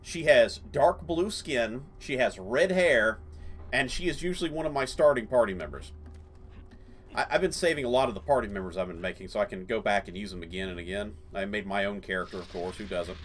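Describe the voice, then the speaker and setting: A man's voice: fairly low pitch, a little fast. Rambling male gamer talking over play. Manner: rambling, lots of fillers and laughs. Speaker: gaming channel host. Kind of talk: casual let's-play commentary.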